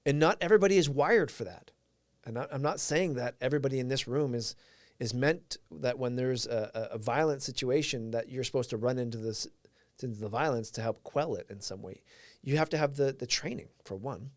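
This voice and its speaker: A man's voice: mid-range voice, brisk, no echo. A man whose first language is Portuguese, hosting a live stream and giving an earnest, reflective motivational talk while answering viewers' comments.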